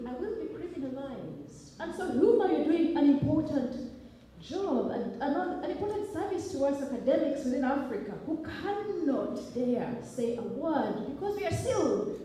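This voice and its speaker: A woman's voice: sits high, dark tone, a little hiss or hum. A young woman from Uganda, an academic, giving an impassioned public speech. She talks rhetorically and with emphasis, and often checks in with "okay?". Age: young adult. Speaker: academic speaker. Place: large echoey hall. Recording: echoey hall recording from far off.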